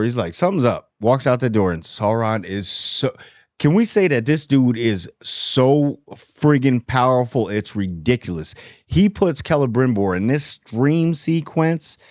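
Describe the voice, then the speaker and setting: Casting note: a loose, slangy male reviewer, mid-pitched, recorded dull and dry. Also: no room sound. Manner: slangy and animated, acts out character quotes. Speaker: TV review host. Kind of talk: casual spoiler review.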